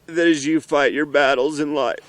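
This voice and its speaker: A middle-aged father, emotional and earnest, speaking haltingly outdoors in the mountains in a heartfelt message to his children. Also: a little high, steady tone, fairly bright tone, no room sound. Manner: earnest, halting, with pauses and restarts.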